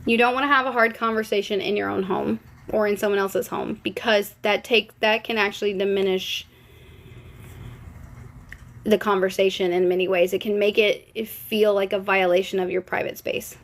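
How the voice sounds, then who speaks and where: A young woman running a casual live stream answers viewer comments while gossiping and speculating with playful cheek. Her mid-range voice stays steady at a normal speed.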